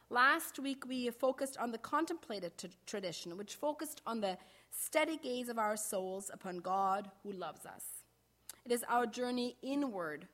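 Middle-aged woman pastor, slightly high voice, measured sermon delivery that slows on key phrases.

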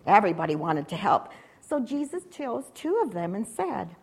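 A woman leading children in prayer and an acted-out story, animated and encouraging. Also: medium pitch, normal speed, husky. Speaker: children's church leader.

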